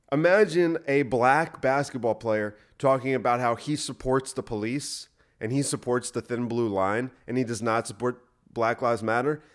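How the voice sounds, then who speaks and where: Rambling, sarcastic male podcast host. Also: mid-range voice. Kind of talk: casual solo podcast monologue.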